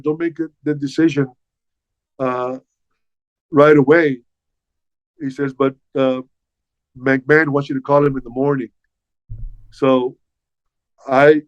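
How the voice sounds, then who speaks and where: An older man, a former wrestler, telling stories as an interview guest in a lively way, stumbling over and repeating his words. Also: mid-range voice, a little slow, long pauses, no room sound. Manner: animated, repeats words while recounting past dialogue. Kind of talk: casual storytelling. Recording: dull, slightly muffled dry sound.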